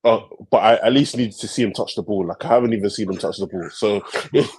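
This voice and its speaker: A man's voice: on the low side, fast, darkish tone, breathy edge, no room sound. A man co-hosting a casual football podcast, laid-back and hesitant. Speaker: podcast co-host. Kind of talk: casual chat.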